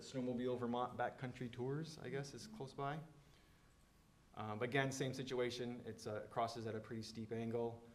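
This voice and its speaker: A man's voice: mid-range voice, echoey room. A man presenting engineering plans at a public meeting, explaining in a loose, filler-heavy way.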